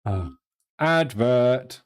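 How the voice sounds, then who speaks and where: A man's voice: medium pitch, lively intonation, extremely slow. A middle-aged man with a southern English accent, hosting a live trading stream and chatting casually with viewers, joking and laughing easily. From southern England. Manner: chatty, jokey, laughs easily, answers viewers' questions aloud.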